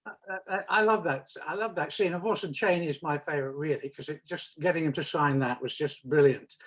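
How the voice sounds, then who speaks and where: An older man, interviewing in a casual conversation, wry and chatty with a halting delivery. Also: a little high, fairly bright tone, slightly rough, rough recording.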